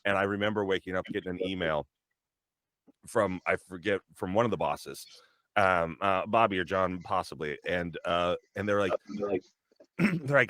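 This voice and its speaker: A man's voice: sits low, animated, normal speed, a bit bright, dry recording. A young adult man chatting casually on a livestream, telling a rambling story with laughs and acting out quotes. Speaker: voice actor and guest on a developer livestream.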